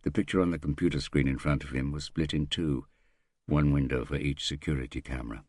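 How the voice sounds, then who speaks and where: A man reading a thriller audiobook aloud in a measured, unhurried way. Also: extremely low pitch, fairly even intonation, a little mellow, no room sound, clean studio sound. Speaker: audiobook narrator. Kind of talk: scripted thriller narration.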